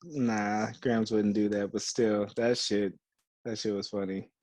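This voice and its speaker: A man's voice: on the low side, little pitch movement, a little slow, a little mellow, dry recording. A young man co-hosting a podcast, chatting casually and acting out quotes as he tells a story, swearing freely and using lots of slang. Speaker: podcast co-host. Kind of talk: casual chat.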